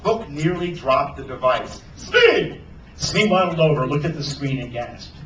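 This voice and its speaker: A man, an author, reading a children's adventure novel aloud at a bookstore event with animated storytelling. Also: fairly high pitch, normal speed, highs cut off, a little hiss or hum. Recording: roomy sound from a distance.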